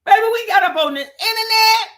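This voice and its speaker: High bright woman doing gossip commentary on a livestream, aave, chatting right at her viewers, super animated. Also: fairly quick. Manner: animated, talks straight to the chat with "baby" and "child". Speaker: commentary show host.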